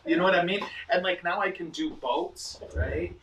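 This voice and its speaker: A man hosting a casual ministry show, telling animated, self-deprecating stories with lots of fillers. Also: sits high, normal speed, echoey room, recorded from a distance, heavy background noise. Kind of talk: casual storytelling chat. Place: ministry studio.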